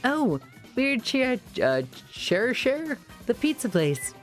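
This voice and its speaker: A man's voice: very high voice, big pitch swings, slow, voice pushed up, full character voice. A man voicing a polite woman who answers the phone at a pizza place, over faint background music. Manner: polite, apologetic.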